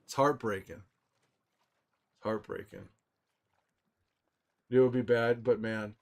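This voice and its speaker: A man livestreaming casually to his viewers, rambling excitedly with frequent restarts and laughs. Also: on the low side, slow pace, gravelly. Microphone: desktop microphone.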